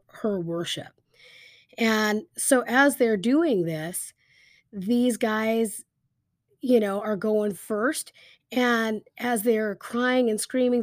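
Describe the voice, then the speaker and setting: Woman, Bible lesson, casual storytelling, fillers, mid pitch, dry sound. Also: no room sound. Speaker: Bible teacher.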